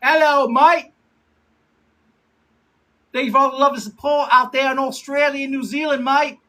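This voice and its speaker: A man's voice: very high-pitched, steady tone, moderate pace, pushed and bright, voice pushed up. A man in his fifties putting on a playful, hammy mock Australian accent. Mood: cheery. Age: 50s.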